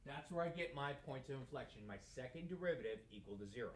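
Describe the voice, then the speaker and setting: A man's voice: medium pitch, expressive, fast, a little hiss or hum. A man giving a math lecture in a classroom, talking casually and asking questions that he answers himself. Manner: conversational, asks questions and answers them himself. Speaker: math teacher. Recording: echoey room.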